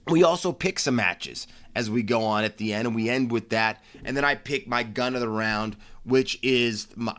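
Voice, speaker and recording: A man's voice: medium pitch, a bit bright. An American man hosting a solo sports podcast, talking casually with brash flair and frequent restarts. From United States. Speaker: podcast host.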